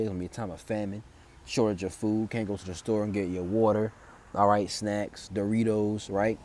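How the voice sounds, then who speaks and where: Reading verses and news aloud before explaining them, this man preaches in an informal way, his speech halting and loose with lots of fillers and restarts. His voice is lowish with a darkish tone and a flat delivery.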